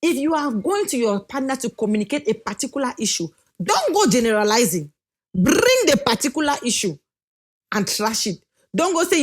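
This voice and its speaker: A woman with a naturally loud voice, giving casual marriage advice to the camera, animated, laughing often and slowly drawing out her key points. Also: fairly high pitch. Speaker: wife giving marriage advice, channel co-host.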